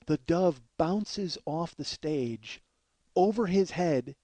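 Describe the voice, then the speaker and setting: A man in his forties, a comedian and podcast host, telling a profane comic story in an animated way, swearing often and laughing as he goes. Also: a little high, takes it slowly, dry recording. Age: 40s.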